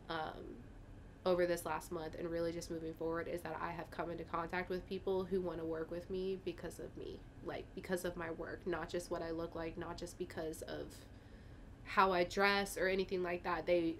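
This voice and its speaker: A young woman with a low voice speaks candidly as an interview guest in casual conversation, rambling with fillers and growing emotional, at times tearing up. A little hiss or hum is audible.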